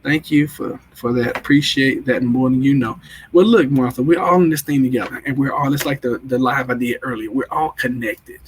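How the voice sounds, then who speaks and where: A man's voice: mid-range voice, fairly quick, slight background noise, low-quality recording. A man in his forties hosting a casual live stream, chatty and emotional as he greets viewers and answers their comments. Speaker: livestream host.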